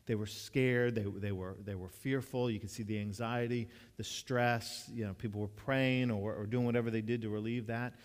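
Earnest pastor preaching in a reverberant hall. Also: male voice, lowish voice, fairly even intonation, normal speed, few pauses. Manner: earnest, storytelling, often restarts and repeats words. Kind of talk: conversational sermon. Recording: long reverb of a large hall.

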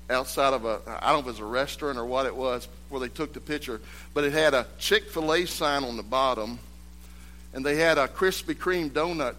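A man preaching a sermon, moving between loud, emphatic exhortation and hushed, quiet storytelling. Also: mid-range voice, a little hiss or hum.

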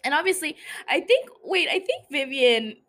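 Young woman podcaster, kinda high voice, casual recap chat, lots of swearing. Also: moderate pace. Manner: animated, swears a lot, laughs at own jokes. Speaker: podcast host.

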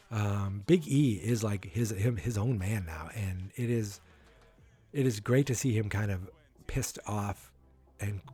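A man's voice: lowish voice, warm tone, slightly rough. A man hosting a casual solo wrestling prediction podcast, rambling, correcting himself and thinking aloud as he talks.

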